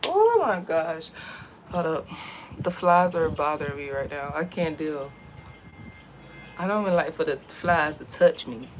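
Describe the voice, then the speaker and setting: A woman's voice: sits low, moderate pace, long pauses, slight background noise. A young woman from the States telling a story in a chatty, slangy vlog, outdoors. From United States. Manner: chatty, animated, uses slang. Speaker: vlogger.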